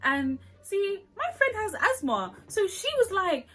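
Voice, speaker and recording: A young woman telling a funny story to camera, animated and laughing often, acting out the voices. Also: very high-pitched, measured pace, poor audio.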